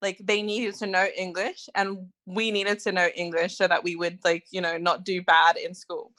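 A woman's voice: lowish voice, level tone, moderate pace, a bit bright. A young Australian woman chatting casually as a podcast co-host, rambling with lots of fillers. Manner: chatty, rambling with many likes. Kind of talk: casual chat.

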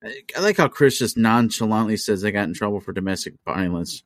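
A man's voice: lowish voice, expressive, brisk, dry recording, clean studio sound. Profane, storytelling man on a podcast. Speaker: podcast host. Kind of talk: casual chat over drinks.

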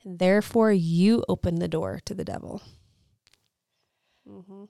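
A woman's voice: medium pitch, fairly even intonation, slow, vocal fry, warm tone, no echo, clean studio sound. A woman in her thirties co-hosting a faith podcast, telling a story earnestly and with emotion. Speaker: podcast co-host.

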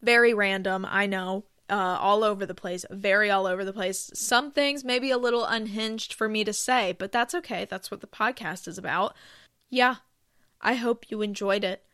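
A woman hosting her own podcast, rambling through casual stories with self-deprecating asides and bursts of excitement. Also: mid-range voice, normal speed. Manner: gushes with excitement. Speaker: podcast host. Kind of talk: casual solo podcast chat.

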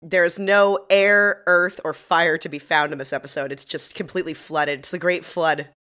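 A woman co-hosts a casual podcast recap with a bright, slightly low voice. She laughs easily and slips into the characters' lines as she talks. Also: steady tone, moderate pace. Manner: laughs often, mimics characters in quotes. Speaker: podcast co-host.

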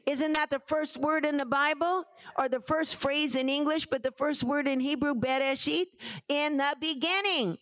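A woman pastor teaching scripture in a sermon, calling for responses from the congregation with emphatic repetition and rising into shouted preaching. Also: high-pitched, steady tone, moderate pace, dry recording. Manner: rises to shouted preaching at climaxes.

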